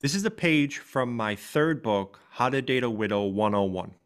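This medium-pitched American podcast co-host has lively intonation. Between casual chat, he reads his own writing aloud slowly, earnestly and with feeling.

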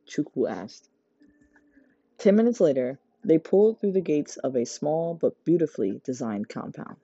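Reader: woman, animated novel narration, warm low tone, dull dry recording. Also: moderate pace, slightly rough, no room sound. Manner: lively character voices, high for the girls. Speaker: audiobook reader. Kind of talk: reading a novel aloud.

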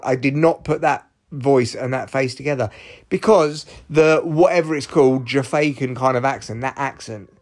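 A man's voice: a little high, normal speed, a little mellow. A man in his forties hosting a solo podcast, rambling, self-deprecating and swearing freely. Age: 40s. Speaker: podcast host. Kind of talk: casual solo podcast monologue.

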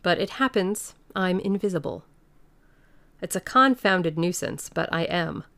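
Indignant invisible man, sharp and scolding, slow and gravelly, read by a woman. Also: fairly low pitch, lively intonation, no room sound.

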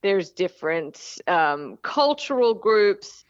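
A woman's voice: mid-range voice, no room sound, muffled recording. A woman from Australia with an Australian accent and a slight Southern touch, chatting as an interview guest and laughing often. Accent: Australian with a slight Texas Southern touch. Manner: lively, laughs often, quick asides. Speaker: guest, meat and barbecue video maker. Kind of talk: casual interview chat.

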